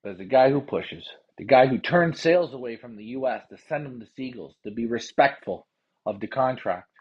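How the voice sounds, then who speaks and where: A man hosting a pigeon racing show, ranting heatedly with lots of profanity and repetition, then calmly explaining how he handles his birds. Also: medium pitch, moderate pace, slightly rough, lo-fi sound. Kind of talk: casual livestream talk.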